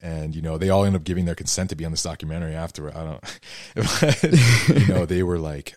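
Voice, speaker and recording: A man's voice: deep voice, fairly quick, hardly any pauses, no room sound, clean studio sound. A man who is a podcast guest, explaining things earnestly in casual conversation with many fillers. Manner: earnest storytelling, heavy use of fillers.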